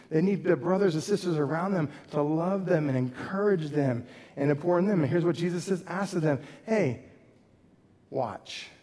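A man's voice: a little high, a little mellow, big-room sound. Earnest male pastor preaching in a big room. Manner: earnest preaching, rising and dropping for emphasis. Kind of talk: sermon. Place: church sanctuary.

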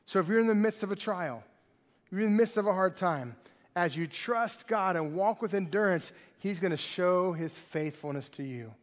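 A pastor preaching a sermon in an animated, conversational way, in a large church hall. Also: male voice, high-pitched, moderate pace.

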